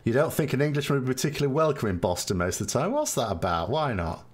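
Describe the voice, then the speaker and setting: A man's voice: medium pitch, sing-song, fast. A man with a South Yorkshire accent hosting a live stream, chatting in a rambling way with wry asides. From England. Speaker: podcast host. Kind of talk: live stream chat answering viewers.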